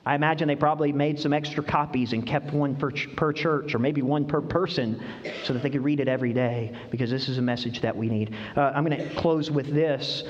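A middle-aged male pastor preaching a sermon, telling stories animatedly and sometimes acting them out with high cries. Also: fairly quick, slight background noise. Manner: animated storytelling, acts out voices with high-pitched cries. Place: church hall. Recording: dull sound, long hall reverb.

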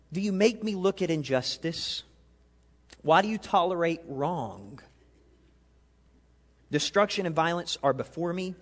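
Animated high-voiced man preaching a sermon. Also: unhurried, pauses often. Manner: animated, swings from loud to quiet, rhetorical questions to the congregation. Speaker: pastor. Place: church sanctuary. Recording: long hall reverb.

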